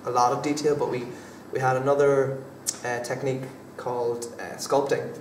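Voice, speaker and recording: A young man talks through his acting work in a hesitant, halting way, full of fillers and restarts. His voice stays flat and even. He sounds distant, in an echoey room with a faint hum of noise behind him. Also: mid-range voice. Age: young adult. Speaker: drama student actor being interviewed. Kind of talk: casual interview answers.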